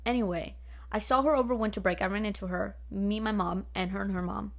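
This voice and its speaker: A woman's voice: mid-range voice, fairly even intonation, a little fast, vocal fry. A nineteen-year-old woman from Northern California, ranting bluntly at home into her laptop mic, swearing freely and filling her talk with likes and rights. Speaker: vlogger. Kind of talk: casual ranting storytime. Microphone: laptop built-in mic.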